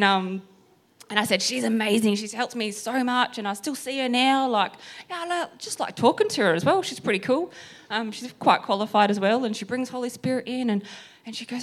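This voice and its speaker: A woman telling an animated story, laughing often and jumping up high when she quotes people. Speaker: personal trainer sharing a testimony.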